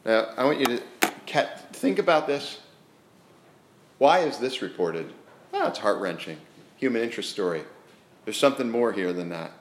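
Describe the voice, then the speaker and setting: A man preaching a sermon who acts out the scripture scenes in a lively way and often restarts his sentences. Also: medium pitch, normal speed, long pauses, slight background noise. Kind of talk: sermon with animated storytelling. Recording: roomy echo.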